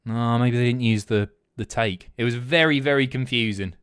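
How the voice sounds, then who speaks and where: A man's voice: medium pitch, normal speed, a bit bright, clear, resonant tone. A man streaming, casually commenting on TV clips with a lot of swearing.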